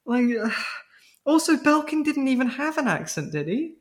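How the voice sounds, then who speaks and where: A podcast co-host in casual chat, animated and full of fillers and swearing. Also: high voice, measured pace.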